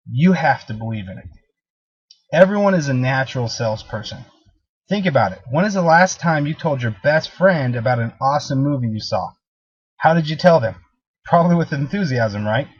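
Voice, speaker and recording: Husky-voiced man coaching sales staff. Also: fairly high pitch, animated, normal speed, no echo, highs cut off. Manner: emphatic, coaching, direct. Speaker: sales trainer. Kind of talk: recorded training talk.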